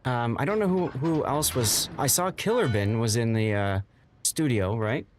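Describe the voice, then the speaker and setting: A man hosting a game livestream, chatting casually to viewers in a rambling way, with bursts of excited greetings. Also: medium pitch, moderate pace, background noise. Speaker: game streamer and host.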